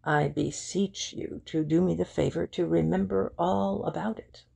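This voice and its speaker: A woman's voice: on the low side, fairly even intonation, normal speed, mellow, full character voice. A woman voicing an earnest, courteous English detective who speaks formally. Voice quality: gravelly, husky.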